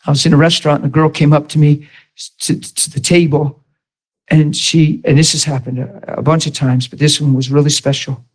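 Middle-aged male preacher, slightly high voice, storytelling sermon. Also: flat delivery, fairly quick, breathy edge, poor audio. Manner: storytelling, acts out dialogue with shifts in loudness.

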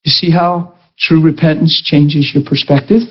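A male pastor preaching a sermon, animated and emphatic, breaking into shouts, in a dull lo-fi recording. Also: a little high, moderate pace.

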